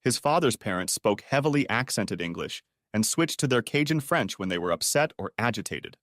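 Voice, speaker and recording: A man narrating an audiobook story with expressive storytelling. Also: fairly low pitch, moderate pace, no echo, studio quality.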